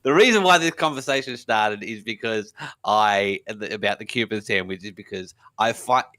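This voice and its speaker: A man's voice: lowish voice, normal speed, fairly bright tone. A man co-hosting a casual podcast, teasing his co-host and laughing often.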